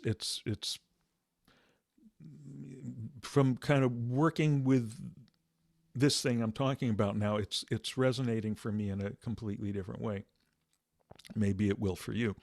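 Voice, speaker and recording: A man leading a meditation discussion, speaking softly and reflectively with halting restarts. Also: medium pitch, dry recording, clean studio sound. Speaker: meditation teacher.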